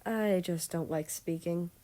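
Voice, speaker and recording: A woman voicing a quiet, reserved young male guard in a storybook reading, speaking in a flat monotone. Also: lowish voice, measured pace, natural voice. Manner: monotone, terse.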